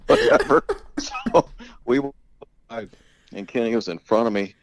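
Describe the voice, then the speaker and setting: Deep-voiced older man telling rambling stories. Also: big pitch swings, unhurried, pauses often, slight background noise, poor audio. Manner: rambling, laughs often, swears freely. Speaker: interviewee, father of the host. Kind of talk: casual storytelling.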